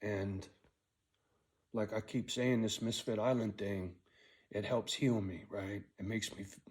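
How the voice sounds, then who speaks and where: A man's voice: fairly low pitch, steady tone, measured pace. A middle-aged man telling a personal story in a blunt, casual way, swearing a lot and often tagging his lines with "right?". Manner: blunt, heavy swearing, frequent "right?" tag; angry when telling the story, quiet and weary when reflecting.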